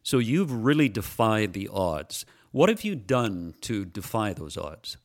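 Low-voiced male interviewer. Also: sing-song, a little slow. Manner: direct questions, a few fillers. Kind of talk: interview questions.

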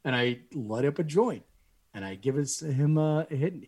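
A middle-aged man casually telling a family story, animated and acting out the voices of people he quotes. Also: normal speed, breathy edge. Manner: animated, acts out quoted voices with rising pitch.

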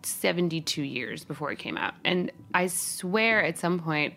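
A woman's voice: fairly low pitch, lively intonation, unhurried, vocal fry, pushed and bright. A woman co-hosting a podcast in casual chat, dry and teasing. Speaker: podcast co-host.

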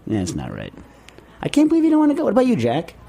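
A man hosting a podcast in casual chat, rambling with lots of fillers and jumping to high excited outbursts. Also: very fast, creaky, a little hiss or hum. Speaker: podcast host.

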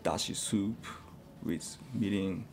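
A man who is a chef, chatting as a guest in an interview and speaking in halting, simple phrases with many fillers. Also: low-pitched, creaky, a little hiss or hum. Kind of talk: casual interview chat.

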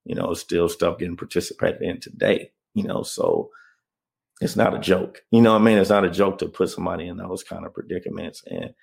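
Man, very low voice, gravelly, earnest storytelling, interview guest. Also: fairly even intonation, fairly quick, darkish tone. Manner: earnest, keeps asking "you know what I mean?". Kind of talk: emotional personal storytelling.

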